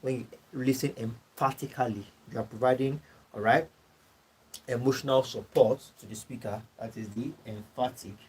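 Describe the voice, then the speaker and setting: A man with a Nigerian English accent teaching a course class, repeating his points, clearing his throat and checking in with "all right" and "you know". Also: mid-range voice, fairly even intonation, normal speed, a little mellow, rough recording. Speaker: course tutor. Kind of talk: classroom lecture.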